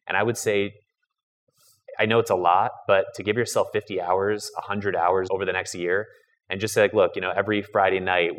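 A man's voice: sits low, a bit bright. A man talking casually in an online audio chat, earnest and encouraging, modest about himself. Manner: earnest, encouraging, self-deprecating. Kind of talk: casual chat giving advice.

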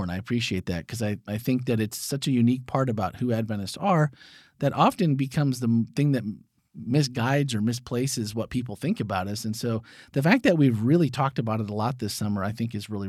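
Animated male podcast host, dry sound. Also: medium pitch, brisk, no echo. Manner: animated, playful, jokes and mock voices. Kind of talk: casual podcast chat.

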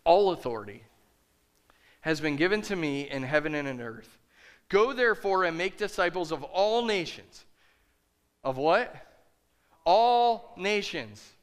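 Bright-voiced, passionate male pastor preaching. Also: sits high, smooth. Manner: passionate, preaching with rising intensity. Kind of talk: sermon.

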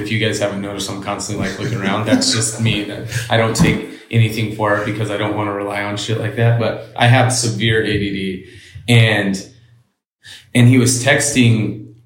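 A man's voice: lowish voice, echoey room, low-quality recording. Blunt, profane man telling a story. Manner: blunt and profane, retells with quoted dialogue. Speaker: interview guest. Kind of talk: casual storytelling.

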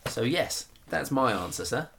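A man's voice: mid-range voice, lively intonation, measured pace, gravelly, heavy background noise. A man co-hosting a casual chat show, reading out listener comments in a teasing, wry way and laughing often. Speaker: podcast co-host.

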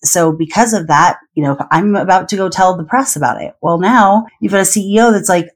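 Low-voiced woman hosting a podcast. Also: brisk, hardly any pauses, husky. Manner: thinks aloud with many "you know" fillers. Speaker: podcast host. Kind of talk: conversational interview.

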